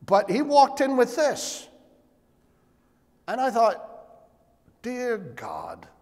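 A man preaching a sermon as pastor, asking rhetorical questions and calling for amens. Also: very slow. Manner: animated, shifting pitch and volume. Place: church sanctuary. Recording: long hall reverb.

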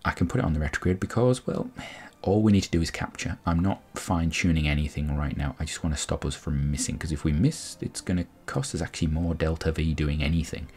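A man's voice: a bass voice, quick pace, hardly any pauses, darkish tone, husky. A man giving casual, rambling commentary on a space game, explaining each step as he goes. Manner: rambling, explanatory, frequent restarts. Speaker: gameplay commentator.

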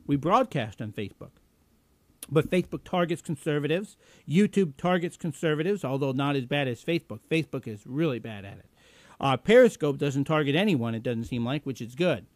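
A man's voice: on the high side, expressive, a little fast, no echo. A man hosting a live political internet show, ranting with sarcastic, combative indignation and plenty of fillers. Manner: many fillers and restarts. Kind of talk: political commentary rant.

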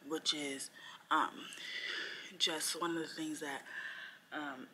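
Low-voiced young woman musing on teaching. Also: fairly even intonation, takes it slowly, sharp tone, slight background noise. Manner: reflective, rambling with frequent fillers. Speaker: first-year teacher. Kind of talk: casual vlog chat.

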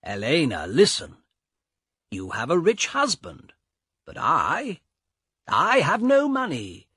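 Man doing a greedy sneering young guy, slow and drawn out, husky, dry close sound, storybook. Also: a little high, wildly swooping pitch, sharp tone, dry recording, voice pushed up, exaggerated voice. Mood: taunting. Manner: slow taunting put-on voice. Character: greedy mocking young man, cold smile.

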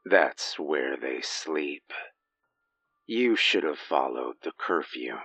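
A male narrator puts on a gruff emergency operator in a horror story. His voice sits low and moves slowly, quiet and detached as if in a trance. The sound is dry and close. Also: sing-song, no echo, faint music behind, heavily acted.

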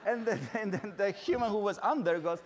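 A man giving an animated storytelling talk at an event, now and then acting out excited dog lovers in high squealing voices. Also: fairly quick, background noise. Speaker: dog behaviorist speaker. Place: event stage.

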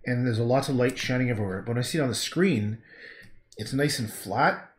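A man's voice: mid-range voice, brisk. A man from Canada, a painter chatting casually on a livestream as he works, rambling frankly and swearing freely. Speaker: painter streaming his work. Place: art studio. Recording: echoey room.

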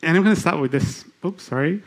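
Man, lay preacher, church sermon, somewhat high voice, interactive, halting restarts, slow scripture reading. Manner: reads scripture slowly.

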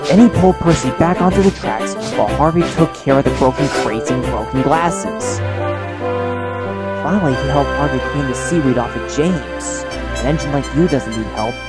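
A man reading a children's train story aloud as the narrator, in a calm, even storytelling manner. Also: mid-range voice, moderate pace, over loud music.

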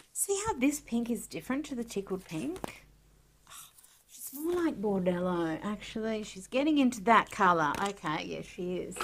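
This is a woman with a mid-range voice, talking casually as she draws and demonstrates her supplies. She is chatty and excitable and talks to herself as she works. Every so often she drops into a soft whisper. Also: medium pitch, background noise. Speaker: artist demonstrating art supplies. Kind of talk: casual art tutorial chat.

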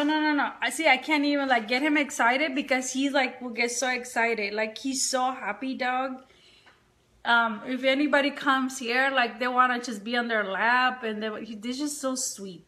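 Her high voice sounds pushed and bright, with a little hiss or hum from the phone or webcam. This tired makeup vlogger chats and rambles on a casual home live stream, talking to her viewers and her dog.

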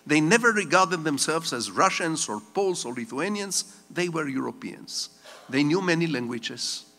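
A man's voice: on the high side, lively intonation, moderate pace, bright, forceful tone. Older man lecturing in a reverberant hall. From Israel. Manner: digressive storyteller with wry humor. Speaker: guest lecturer. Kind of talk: public lecture. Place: stage of a large conference hall.

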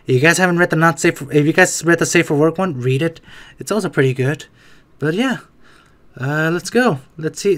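Excitable man reacting out loud. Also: fairly high pitch. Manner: excitable, talks to himself, swears, frequent restarts and exclamations. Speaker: reaction video host. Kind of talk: casual reaction commentary.

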